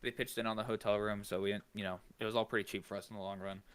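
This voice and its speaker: A man co-hosting a podcast in casual chat, telling stories in an animated, profane way. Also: on the low side, racing, clean tone. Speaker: podcast co-host.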